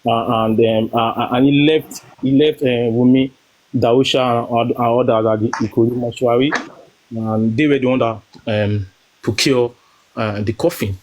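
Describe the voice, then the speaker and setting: A man, standing in as host of a live session, recapping hesitantly with many fillers and reading scripture slowly. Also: medium pitch, steady tone, darkish tone, poor audio.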